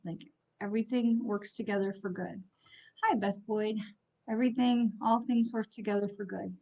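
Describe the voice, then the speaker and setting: A woman's voice: a little high, a little mellow. A middle-aged woman hosting a livestream as a psychic medium, talking angrily and bluntly and swearing while she apologizes for it. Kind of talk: livestream talk to viewers. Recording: slightly dull lo-fi stream audio.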